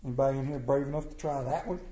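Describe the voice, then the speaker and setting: A man's voice: medium pitch, rapid-fire, warm tone. A middle-aged man preaching a sermon in a folksy, plainspoken way, putting questions to his congregation. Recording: echoey room.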